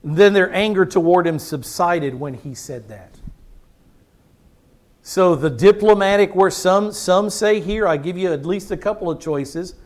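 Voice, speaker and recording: High-voiced emphatic male preacher. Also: lively intonation, a little slow, a little mellow. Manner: emphatic preaching, rhetorical questions, fillers. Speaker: pastor. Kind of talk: sermon, Bible teaching.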